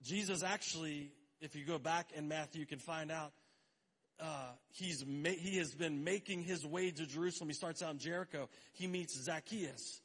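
A middle-aged male pastor delivering a sermon in a relaxed, chatty tone. His voice sits somewhat high for a man. He slips in light jokes and briefly acts out the people in his stories. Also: moderate pace, slightly rough. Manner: conversational, joking asides, acts out quoted voices.

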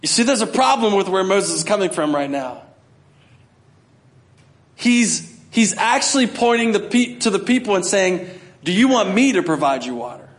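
A middle-aged pastor delivering a sermon in an easy, conversational way, with a voice that sits a bit high for a man. He acts out scenes now and then and builds to loud bursts. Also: sing-song, normal speed.

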